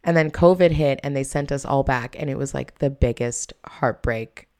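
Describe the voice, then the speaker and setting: Young woman comedian from Quebec, low voice, animated storyteller who acts out the characters. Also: normal speed. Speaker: comedian guest. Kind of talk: casual storytelling interview.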